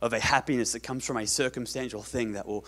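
A man's voice: medium pitch, steady tone, fast talker, a bit bright. Conversational male pastor preaching. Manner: conversational, asks the congregation questions and repeats lines for emphasis. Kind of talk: sermon.

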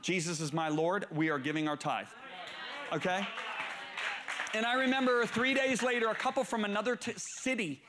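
A middle-aged male preacher telling stories in a sermon, swinging between low murmurs and raised, excited bursts. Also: moderate pace, noisy background. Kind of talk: storytelling sermon.

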